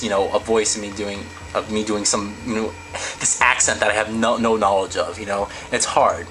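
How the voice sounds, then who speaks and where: A man's voice: medium pitch, bright, forceful tone, a little hiss or hum, rough recording. A man talking candidly in a casual vlog, rambling and reading out viewer comments. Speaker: vlogger.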